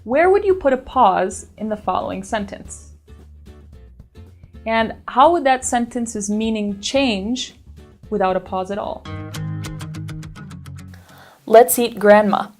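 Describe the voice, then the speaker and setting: Clear woman narrating a pronunciation lesson. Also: on the high side, expressive, a little slow, darkish tone, faint music behind. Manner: clear, explanatory, evenly paced. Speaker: teacher and narrator.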